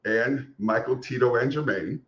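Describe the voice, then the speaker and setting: A man co-hosting a casual podcast, telling an embarrassing story in a sassy, animated way with swearing. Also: mid-range voice, moderate pace, reverberant, highs cut off. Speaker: podcast co-host. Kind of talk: casual chat, comic storytelling.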